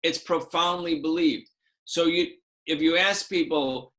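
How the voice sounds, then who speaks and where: Bright-voiced male activist guest. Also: fairly high pitch, a little slow. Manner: animated, acts out quoted voices. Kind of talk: political interview.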